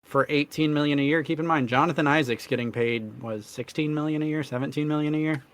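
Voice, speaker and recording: Male co-host, casual basketball chat, voice worn and hoarse, talkative. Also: a little high, fast talker. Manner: talkative, clears his throat. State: losing his voice. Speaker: podcast co-host.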